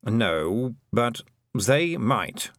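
A man reading an audiobook, voicing a mournful, wry male talking toad in a low grumbling tone. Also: sing-song, extremely slow, a bit bright, dry recording, clean studio sound, exaggerated voice. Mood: evasive.

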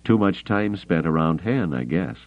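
A man voicing a soft-spoken, earnest young man in an audiobook. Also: sits low, animated, moderate pace, no room sound. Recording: tinny phone-like audio.

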